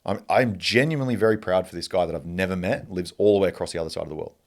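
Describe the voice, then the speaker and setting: A man's voice: deep voice, rapid-fire. A young Australian man hosting a podcast, giving a blunt, profane, fired-up motivational monologue with an occasional cough. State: coughing at times. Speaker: podcast host.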